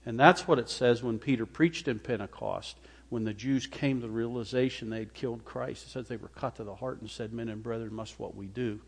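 A pastor reads scripture and explains it in a sermon, recorded with long hall reverb. His mid-pitched, fairly quick voice is creaky with a breathy edge, rising into forceful, emphatic stretches before dropping to a quiet, low murmur.

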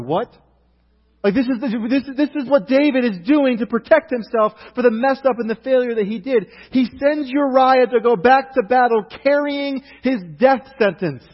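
A high-voiced man preaching a sermon, telling the story with lively, emphatic build-ups. His voice rings with a long hall reverb and a slightly muffled, dull sound. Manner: storytelling, animated retelling with rising outrage.

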